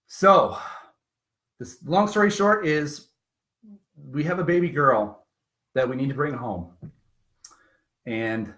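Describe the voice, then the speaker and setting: A man who is a pastor, speaking earnestly and candidly to camera, sometimes choking up and softening it with self-deprecating humor. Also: a little high. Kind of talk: emotional personal appeal to camera.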